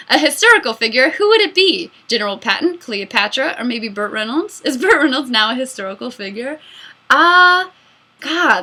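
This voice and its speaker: A woman in her mid-twenties hosting a casual fan Q&A, excitable and giggly, rambling between answers. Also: high voice. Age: mid-20s. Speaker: YouTube host answering fan questions. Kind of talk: casual Q&A chat.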